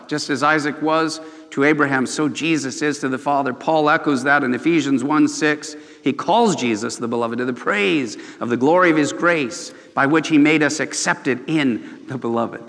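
Expressive male pastor in a reverberant hall. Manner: expressive preaching, swells in pitch and volume when reading scripture. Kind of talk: sermon.

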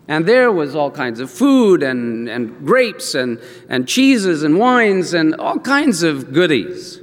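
A male preacher tells a story in his sermon with lively, wide swings in pitch, acting out the quotes with a chuckle here and there. His voice sits a little high for a man. It carries a long echo from a large church hall. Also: takes it slowly, few pauses. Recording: echoey hall.

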